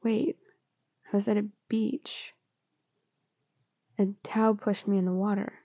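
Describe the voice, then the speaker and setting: A woman's voice: mid-range voice, level tone, takes it slowly, warm tone, dry recording, highs cut off. A woman reading as a frightened, confused teenage boy. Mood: pleading.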